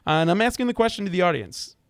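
A man's voice: high voice, big pitch swings, racing, smooth, dry recording, clean studio sound. A man co-hosting a political call-in show, rambling with frequent restarts. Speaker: radio talk show co-host. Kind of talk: casual political call-in talk.

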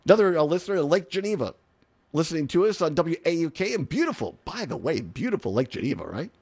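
Radio host guy, pretty high voice, bounces all over the place, mocking and laughing a lot. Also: fast. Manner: animated and mocking, laughs often. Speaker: radio talk show host. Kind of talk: opinionated talk radio. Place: radio studio.

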